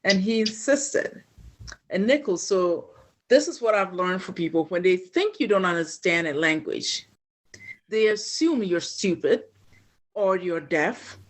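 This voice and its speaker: A woman shares a personal memory as an interview guest. Her voice sits a little low, and her telling is animated and full of feeling. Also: measured pace. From Ghana. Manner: animated, emotional retelling. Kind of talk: personal storytelling.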